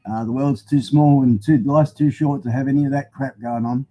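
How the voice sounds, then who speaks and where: A man's voice: mid-range voice, takes it slowly, long pauses, warm tone. An Australian man hosting a casual live stream, chatty and matey as he greets viewers by name. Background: faint music.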